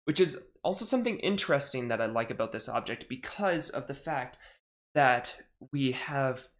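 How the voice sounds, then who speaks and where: A young man hosting a live stream podcast, talking casually and correcting himself as he goes. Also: a little high. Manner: rambling, self-correcting, chatty. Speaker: podcast host on a charity stream. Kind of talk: casual live-stream talk about astronomy.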